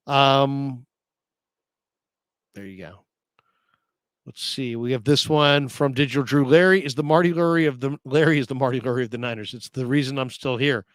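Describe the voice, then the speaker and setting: A man's voice: medium pitch, normal speed, long pauses, a bit bright, clear, resonant tone, no echo. A man hosting a casual sports talk show, reading viewer comments aloud and laughing often.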